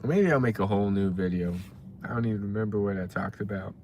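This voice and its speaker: A man's voice: fairly low pitch, quick pace, warm tone, lo-fi sound, a little hiss or hum. A young man chatting casually on a live stream, rambling and greeting viewers by name as he reads the chat. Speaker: livestreamer reading chat.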